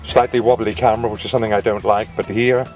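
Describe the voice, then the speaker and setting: Casting: older man, low voice, fond and enthusiastic tour guide, recorded from a distance with music underneath. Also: flat delivery, fast, darkish tone. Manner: enthusiastic, sentimental. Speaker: actor giving a location tour. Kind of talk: casual guided video tour. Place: outdoors in a village churchyard. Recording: distant mic with music behind.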